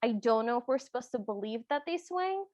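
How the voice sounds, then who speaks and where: A woman with a fairly high voice talks through a movie's plot on a podcast. She sounds thoughtful and a little tentative, often softening her points with "kind of" and "sort of." The sound is close and dry. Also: animated, brisk, no room sound. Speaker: podcast co-host. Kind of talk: casual chat recapping a film.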